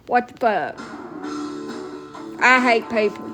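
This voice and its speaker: With a Southern accent, this middle-aged Alabama woman vlogs in a casual, rambling chat, profane and blunt, with a salty edge and laughter at her own expense. She takes it slowly in a fairly high voice, and music plays in the background.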